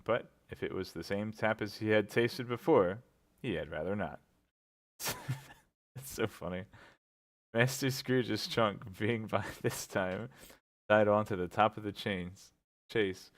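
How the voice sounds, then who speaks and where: A man reading a classic novel aloud in a relaxed, amused, animated way. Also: low voice. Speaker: reader.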